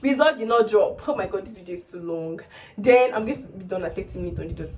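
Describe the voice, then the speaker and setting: A young woman with a Nigerian accent, a vlogger telling her story to camera fast and excitably. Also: mid-range voice, distant mic. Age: young adult.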